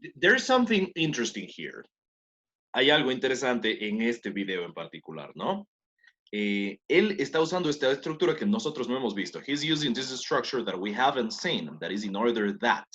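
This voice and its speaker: A man teaching an online English class, explaining in English and Spanish with soft, hesitant fillers. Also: mid-range voice, sing-song, a little fast, muffled recording.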